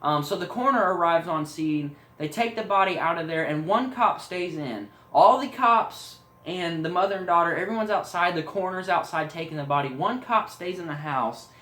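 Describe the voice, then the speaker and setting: A man tells a horror story idea in a loose, rambling way, full of fillers and side remarks. His voice sits fairly high. The room around him rings with echo. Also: animated, normal speed, few pauses, bright, forceful tone. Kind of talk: casual spoken story retelling.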